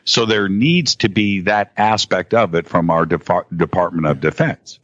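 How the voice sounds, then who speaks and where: A man in casual conversation as a guest, talking in halting bursts with many restarts and repeated words. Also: sits low, fairly bright tone, dry recording. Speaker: podcast guest. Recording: dull lo-fi audio.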